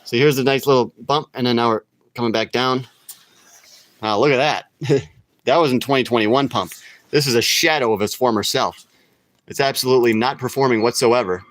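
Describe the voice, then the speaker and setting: A man's voice: medium pitch, brisk, a bit bright. A man hosting a live crypto talk stream, talking casually and bluntly, getting worked up and scolding his viewers. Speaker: crypto channel host.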